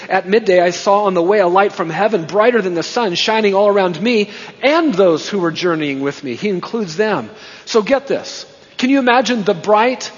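High-voiced preaching man in a hall. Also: breathy edge. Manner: emphatic preaching, rising and dropping to hushed tones. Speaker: pastor. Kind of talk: sermon. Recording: dull sound with long reverb in a hall.

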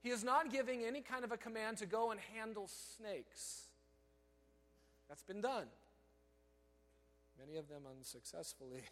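Male pastor, high voice, emphatic sermon delivery, loud bursts and quiet asides, long hall reverb. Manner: emphatic preaching, swinging from loud declarations to hushed asides.

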